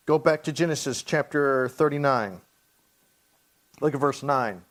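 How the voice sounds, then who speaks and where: A man, a pastor, teaching a Bible study, reading scripture slowly and explaining it in plain, everyday talk. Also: medium pitch, a bit bright. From Hawaii.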